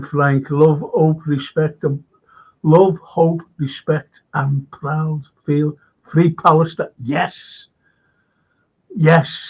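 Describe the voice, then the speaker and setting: Slow-talking host, dull audio. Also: male voice, a little high, a little mellow. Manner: chatty, reads viewer comments aloud, laughs often. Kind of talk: live-stream chat reading comments.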